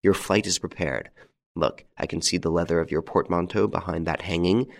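A man reading the lines of a bold, mocking gentleman thief in an audiobook, with a jaunty, theatrical, taunting manner. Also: sits low, fairly even intonation, normal speed, creaky.

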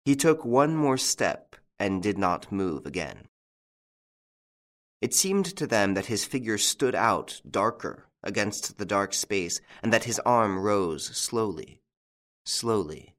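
A man narrating a mystery novel in measured, dramatic scripted narration. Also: on the low side, expressive, a bit bright. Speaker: audiobook narrator.

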